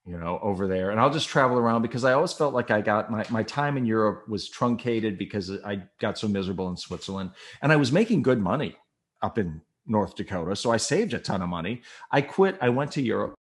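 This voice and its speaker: A man's voice: on the low side, a little fast. Middle-aged man telling a rambling story. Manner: rambling, animated retelling with quoted inner thoughts. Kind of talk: personal storytelling.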